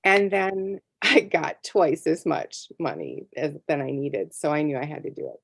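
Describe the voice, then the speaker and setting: A woman's voice: deep voice, expressive, a little slow, vocal fry, dry recording. A middle-aged woman, a tarot artist, telling a story in a casual interview and acting out her own reactions. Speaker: tarot deck artist and guest.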